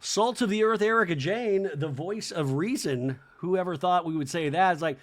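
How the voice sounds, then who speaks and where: A man hosting a podcast, recapping reality TV in a chatty, animated, profane way. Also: high voice, moderate pace. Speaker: podcast host.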